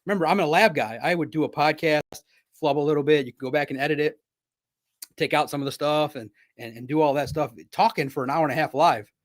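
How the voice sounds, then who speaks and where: A man with a high voice hosts a live sports stream from his home studio. He talks in a loose, excitable ramble and chats straight to his viewers. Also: fast talker.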